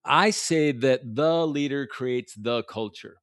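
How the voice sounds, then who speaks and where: A man's voice: mid-range voice, slow, fairly bright tone, clear, resonant tone, no echo, studio quality. A man hosting a podcast interview, asking questions in an enthusiastic and affirming way. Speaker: podcast host.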